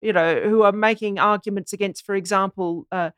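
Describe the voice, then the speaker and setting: A woman's voice: mid-range voice, steady tone, fairly quick, a bit bright, smooth, dry recording, studio quality. A woman guest in a podcast discussion, explaining and lecturing on how words are used. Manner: explanatory, lecturing on language usage. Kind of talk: casual discussion.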